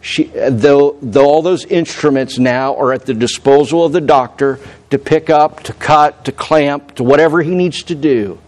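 A man preaching a sermon as pastor, conversational, with frequent restarts and self-corrections, climbing loud and high when he quotes God's voice. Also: moderate pace, hardly any pauses.

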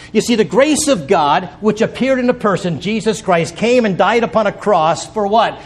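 A man preaching a sermon, telling stories and building to earnest, emphatic peaks, with folksy asides. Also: sits high. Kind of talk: sermon with storytelling.

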